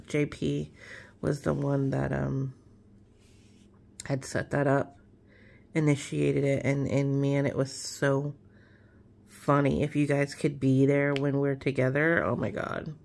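A woman chatting casually while she crafts, relaxed and rambling with many fillers. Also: sits low, gravelly. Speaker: craft vlogger.

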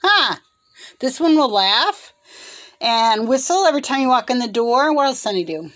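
A woman's voice: high voice, lively intonation, normal speed, noisy background. A middle-aged woman chatting casually about the birds she cares for, slipping into sing-song baby talk with them. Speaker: bird rescue caretaker. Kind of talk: casual chat.

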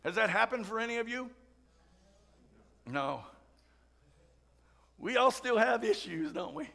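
Gravelly high-voiced preacher, conversational. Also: male voice, expressive, a little slow, sharp tone. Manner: conversational, with jokes and asides. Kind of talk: sermon. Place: church sanctuary.

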